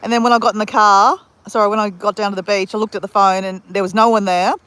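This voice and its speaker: A woman's voice: medium pitch, flat delivery, quick pace, a bit bright, no room sound. A woman with an Australian accent hosts a casual live stream from a beach on her handheld phone, chatting with viewers by name and laughing often. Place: outdoors at a beach at sunrise.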